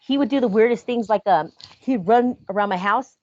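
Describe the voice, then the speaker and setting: A woman hosting a casual podcast chat, telling creepy stories in an animated way and acting out the voices in them. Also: fairly high pitch, a little fast, no echo. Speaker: podcast host. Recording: dull lo-fi sound.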